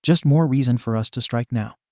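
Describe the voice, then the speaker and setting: A man's voice: medium pitch, brisk, darkish tone, no room sound, studio quality, lightly acted. A man voicing a brash, impatient young male villain in a storybook reading. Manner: brash, insulting.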